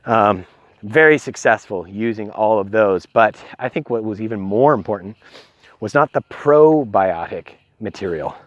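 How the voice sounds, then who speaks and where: A man's voice: fairly low pitch, no room sound, highs cut off. A middle-aged man rambling casually into a handheld phone, with many ums, and short of breath. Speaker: vlogger sharing health advice. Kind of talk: casual filmed talk. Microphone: handheld phone on a stabilizer.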